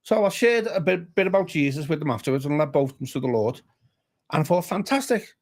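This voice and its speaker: A fast-talking pastor with a Liverpool accent and a slightly high voice tells a casual story as a guest at a pub bar, animated as he acts out each voice he quotes.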